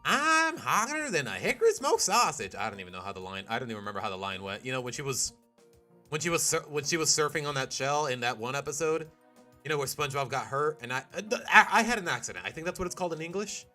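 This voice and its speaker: Soft music plays in the background as a young man streams a game live, talking fast in a mid-range voice. He's lively and jokey with his viewers, occasionally putting on goofy accents.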